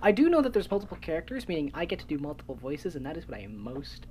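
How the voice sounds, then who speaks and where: A woman's voice: deep voice, sing-song, racing, warm tone, soft background music. A woman giving casual let's-play commentary, hesitant and full of fillers. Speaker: gamer.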